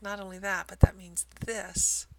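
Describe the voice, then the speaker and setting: A woman shows off her stitching in a relaxed home video, chatty and self-deprecating. Her voice has a gravelly fry, and she often slips into soft near-whispers. A faint hiss sits under the recording. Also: medium pitch, unhurried, low-quality recording. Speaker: cross stitch vlogger. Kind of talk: casual show-and-tell narration.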